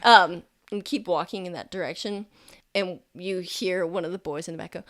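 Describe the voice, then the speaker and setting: A woman's voice: fairly low pitch, moderate pace, a bit bright. A woman narrating as game master of a tabletop game, chatty and rambling, often laughing.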